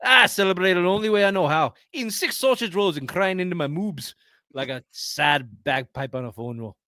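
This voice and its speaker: A foul-mouthed Scottish sports ranter, put on by a man in a shaky accent that drifts Irish and French. He barrels through insults with a forceful, bright voice. The sound is dry and close. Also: high-pitched, lively intonation, no echo. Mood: ranting. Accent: mock Scottish, drifting Irish and French. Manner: loud, profane, rapid comic rant.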